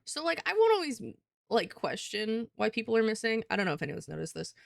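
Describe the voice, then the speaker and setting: A woman's voice: on the high side, big pitch swings, brisk, vocal fry, no room sound, clean studio sound. A young woman chatting casually on a livestream, rambling and swearing as she talks with viewers. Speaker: streamer.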